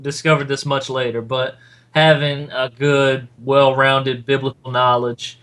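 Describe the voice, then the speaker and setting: Man, podcast co-host, casual chat, earnest, repeats for emphasis, mid pitch. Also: little pitch movement, a little slow, a bit bright.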